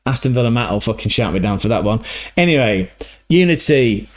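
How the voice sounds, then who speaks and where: A man giving casual, animated commentary on a game trailer, swearing freely, laughing mid-sentence and often checking in with "right?". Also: medium pitch, fairly quick. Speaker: reaction video host.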